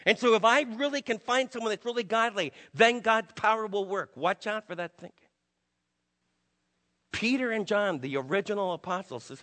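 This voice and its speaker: A man's voice: high-pitched, normal speed, sharp tone, in a large hall. A man preaching a sermon to his church in an emphatic, conversational way, acting out quotes. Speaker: pastor.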